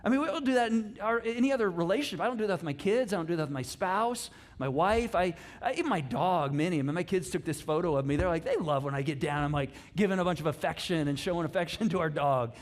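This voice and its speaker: Animated high-voiced pastor. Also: male voice, fast, few pauses. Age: middle-aged. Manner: animated and chatty, with many restarts and asides. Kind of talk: conversational sermon.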